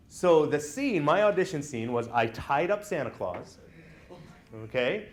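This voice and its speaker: A man's voice: mid-range voice, expressive, normal speed, a little hiss or hum. A man lecturing college students in a classroom, telling personal stories in a conversational way and often checking in with the class.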